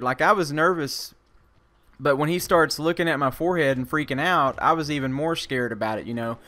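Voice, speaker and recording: A man's voice: fairly high pitch, a little fast, bright, forceful tone. Rambling man telling an army story. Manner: rambling, many fillers and restarts; swears casually. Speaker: army veteran vlogger. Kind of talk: casual storytelling.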